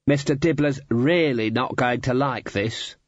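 A man's voice: mid-range voice, unhurried, dry recording, dull audio, lightly acted. A man voicing an anxious male band member who moans and hesitates. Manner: moaning and hesitant.

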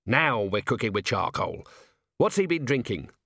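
A male narrator voices a hard-driving veteran watch commander for an audiobook, pitching him a little above his own voice, at medium pitch and slightly bright, in a sing-song way. The character thinks aloud in brisk bursts and keeps firing probing questions, and the reading is close, dry and dryly recorded.

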